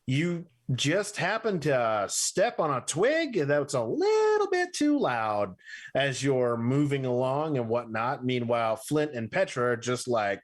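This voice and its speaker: With a mid-range voice, a man runs a tabletop game as game master, narrating scenes loosely and haltingly, full of fillers and restarts.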